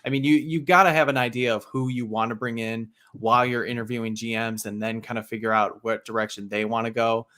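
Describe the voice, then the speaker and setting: Guy guesting on a sports show, chatty and eager, keeps restarting, average pitch. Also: level tone, brisk, hardly any pauses, pushed and bright. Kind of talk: casual sports talk.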